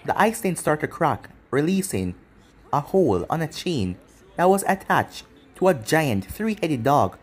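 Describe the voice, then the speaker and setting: Husky, lively fan-story narrator. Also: medium pitch, soft background music. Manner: lively, quick narration with voiced dialogue. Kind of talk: reading a fan story aloud.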